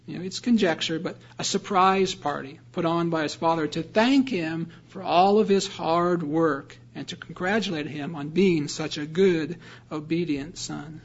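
A man's voice: fairly high pitch, highs cut off. A man preaching a sermon, explaining a scripture passage earnestly and reading verses aloud. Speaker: pastor.

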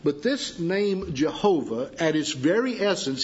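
A man preaching a sermon, teaching slowly and deliberately with pauses for emphasis. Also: a little high, lively intonation, slightly rough. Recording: dull lo-fi sound.

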